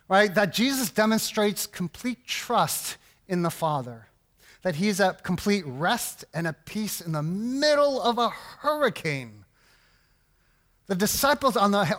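A man's voice: high-pitched, a bit bright. A man preaching a sermon as a pastor, casual and rambling, with lots of restarts and asides, asking "right?" often.

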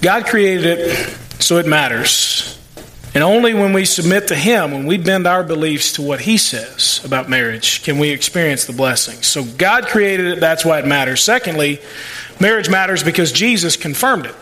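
A man's voice: a little high, expressive, moderate pace, bright, forceful tone, slight background noise. A male pastor preaching a sermon, folksy and plain-spoken, with asides and playful sarcasm. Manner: acts out quoted voices.

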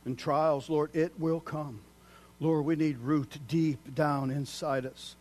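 Male pastor, sermon delivery, slightly higher-pitched voice, dynamic from shouted emphasis to hushed whisper. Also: steady tone, unhurried. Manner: dynamic preaching, swings from loud declaiming to hushed near-whisper.

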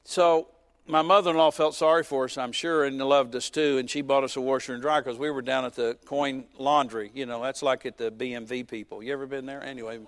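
A man in his fifties, a pastor preaching a sermon who tells a personal story with joking asides and swings between loud and soft. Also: medium pitch, fairly even intonation, brisk.

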